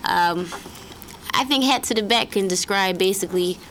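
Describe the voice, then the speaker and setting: A young woman in a casual group interview, a singer talking in a relaxed way with many fillers and laughs. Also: medium pitch, normal speed, noisy background.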